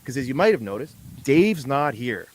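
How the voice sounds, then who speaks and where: A man's voice: mid-range voice, very animated, normal speed, poor audio. A man hosting a casual live morning show, joking and teasing his co-host with lots of fillers.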